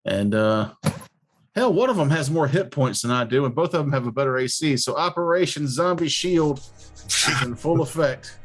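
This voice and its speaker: A man's voice: a little high, expressive, normal speed, soft background music. A man in a casual tabletop game session, wryly explaining game rules at length.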